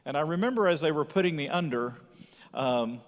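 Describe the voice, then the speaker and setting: A man's voice: a little high, brisk, highs cut off. A man from Texas giving his missionary testimony in church, telling the story with energy and acting out what people said. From Texas, USA. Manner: animated storyteller acting out dialogue. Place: church sanctuary. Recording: reverberant church hall.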